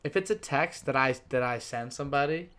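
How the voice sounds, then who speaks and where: A man hosting a podcast in casual chat, joking and rambling as he lays out his own rules in quick bursts. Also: mid-range voice, fairly bright tone, clean tone. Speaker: podcast host.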